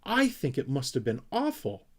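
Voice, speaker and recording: A man's voice: mid-range voice, huge pitch swings, moderate pace. A man voicing a sweet, dreamy young girl creature in a storybook reading.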